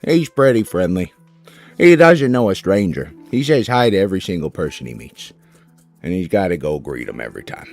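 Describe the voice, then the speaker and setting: Chatty male streamer talking to chat and his dog, lively, dry close sound. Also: mid-range voice, no room sound. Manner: chatty, rambling, coos baby talk at his dog. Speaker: game streamer. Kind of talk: casual chat with stream viewers.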